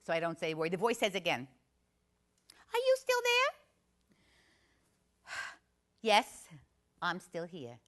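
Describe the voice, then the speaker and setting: A woman's voice: lowish voice, huge pitch swings, slow pace, pauses often, fairly bright tone, exaggerated voice. A woman playing a brash, chatty Italian-American aunt from northern New Jersey, telling a comic story in a confiding way with a New Jersey accent. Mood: gabbing. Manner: chatty, confiding, asks the audience questions.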